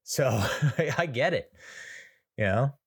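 A man's voice: medium pitch, lively intonation, slow pace, husky. An American man hosting a casual solo podcast, telling stories in a chatty, self-mocking way. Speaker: podcast host.

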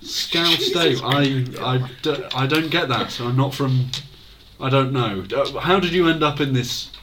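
A man's voice: mid-range voice, unhurried, noisy background, close to an everyday voice. A man voicing a grumpy male prison-ship guard, dry and irritable as he questions prisoners. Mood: questioning.

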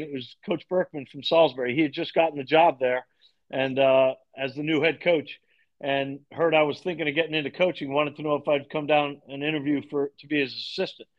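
On a podcast, a lacrosse coach from Long Island, New York, tells stories with lots of animation, voicing the quoted dialogue. His voice runs a little high over lo-fi sound.

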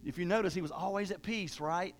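A man preaching a sermon in a conversational way, repeating himself and growing louder when he presses a point. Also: high-pitched, fast talker, slight background noise. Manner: conversational preaching, rising and louder when emphatic, with repetitions and restarts.

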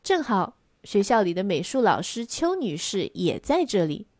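A woman reading a children's story aloud in two languages, expressive and lively. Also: medium pitch, moderate pace, dry recording, studio quality.

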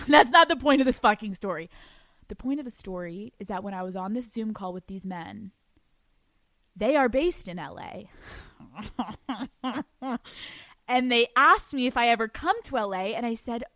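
A woman's voice: on the high side, fairly bright tone, no room sound. A young woman hosting a podcast, telling a story in a giddy, profane way and laughing often. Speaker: podcast host. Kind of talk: casual storytelling monologue.

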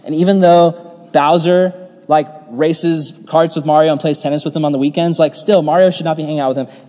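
A young man preaches a casual youth sermon in a fairly high voice. He rambles through jokey stories, leaning on "like" and laughing as he goes. The sound rings with the long reverb of a hall. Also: steady tone, brisk, warm tone. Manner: chatty, jokey, lots of "like", laughs while telling stories. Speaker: youth pastor.

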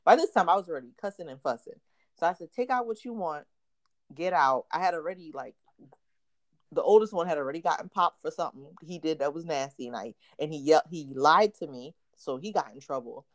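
A woman's voice: sits low, fast talker. A woman co-hosting a casual chat, telling stories with acted-out quotes and frequent laughter. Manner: animated storyteller, acts out quotes, laughs often. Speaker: podcast co-host.

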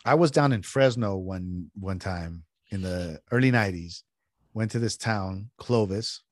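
A middle-aged man from California chatting casually as a podcast host, telling stories with big swings in pitch and cursing when annoyed. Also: a little slow, no room sound, studio quality. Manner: animated storyteller, swears freely, jumps in pitch when riled up. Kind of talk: casual chat.

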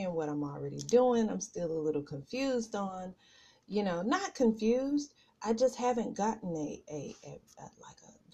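A middle-aged woman with a fairly low, warm voice hosts a casual podcast from her home office at a computer. Nervous and out of breath from nerves, she rambles through a personal chat full of fillers.

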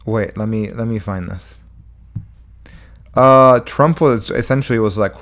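A man's voice: lowish voice, unhurried, long pauses, fairly bright tone. A young man co-hosting a casual podcast, heated and exasperated, swearing as he argues. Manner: heated, exasperated, mocks others in put-on quotes. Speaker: podcast co-host. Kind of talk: casual profane banter.

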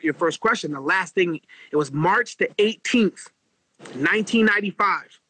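A man in his forties tells stories in a casual interview, bouncing between narration and acted-out quotes. His voice sits high and bright with a husky grain, and his talk is full of slang and swearing. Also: normal speed, low-quality recording. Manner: animated storyteller, acts out quotes, heavy slang and swearing. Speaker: interview guest.

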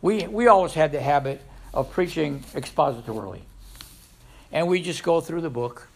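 Male pastor preaching a sermon, fairly high, gravelly voice with big swings in pitch. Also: moderate pace. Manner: animated preaching, with sudden loud rises and soft drops.

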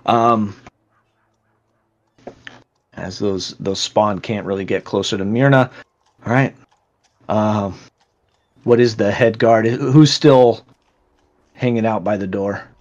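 A man's voice: lowish voice, slow, long pauses, darkish tone, highs cut off. A man narrating as game master of a tabletop game, loose and full of fillers.

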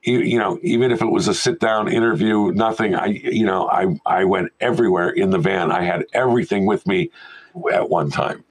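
Husky older man telling war stories. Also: sits low, normal speed, low-quality recording. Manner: animated storyteller who acts out quoted voices. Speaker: guest, veteran film sound mixer. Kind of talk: casual interview storytelling.

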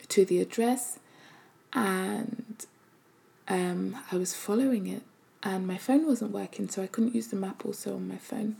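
Woman telling her faith story, soft almost-whispery voice, lots of fry, kinda hesitant. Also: mid-range voice. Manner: soft-spoken, often dropping to a breathy half-whisper; hesitant, with many fillers. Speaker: mother sharing a faith testimony. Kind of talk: personal testimony.

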